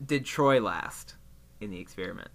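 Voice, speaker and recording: Lively, bright-toned male podcast host. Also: lowish voice, normal speed. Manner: animated, enthusiastic. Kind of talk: casual chat.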